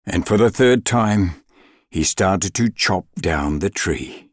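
A man reading a legend aloud as storybook narration, slow and expressive with dramatic pauses. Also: low-pitched, dry recording, clean studio sound.

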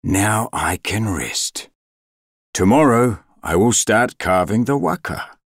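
A man's voice: on the low side, animated, slow, no room sound, studio quality. A man voicing an earnest, determined young man who is chopping down a giant tree in a storybook legend. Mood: weary.

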